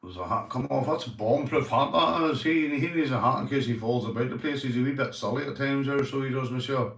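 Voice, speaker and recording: A man's voice: medium pitch, normal speed, a bit bright. A Northern Irish man in casual vlog chat, rambling and swearing, often saying "you know". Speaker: vlogger, police auditor. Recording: roomy, from a distance.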